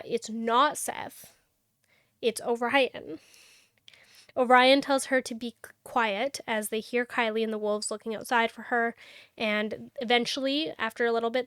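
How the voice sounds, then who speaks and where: A woman's voice: a little high, a bit bright, clean tone, no echo, clean studio sound. A young adult woman co-hosting a podcast, recapping a book in a rambling, sarcastic, casual way. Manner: rambling, sarcastic, filler-heavy. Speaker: podcast co-host.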